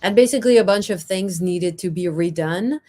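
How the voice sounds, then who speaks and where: A woman from Belgium, a livestream guest, chatting casually over a video call and often pausing and restarting her sentences. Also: lowish voice, mellow, a little hiss or hum. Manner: hesitant, many fillers and restarts. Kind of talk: casual chat.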